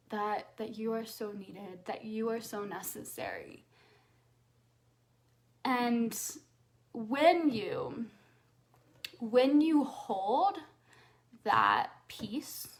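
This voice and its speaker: A woman coaching a live audience, speaking earnestly and repeating phrases for emphasis, sometimes dropping to a soft hush as she leads affirmations. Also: fairly high pitch.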